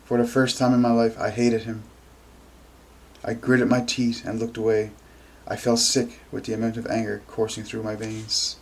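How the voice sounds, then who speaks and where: Man reading a novel in a flat voice. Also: fairly low pitch, moderate pace, husky. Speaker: amateur reader. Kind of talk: first-person novel reading.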